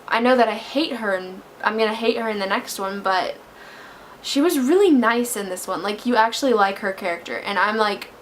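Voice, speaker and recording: A woman's voice: on the high side, slight background noise. A young woman vlogging a casual movie review, gushing and emotional, her voice close to tears at times. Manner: gushing, emotional, breaks into laughter and near tears. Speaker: book vlogger.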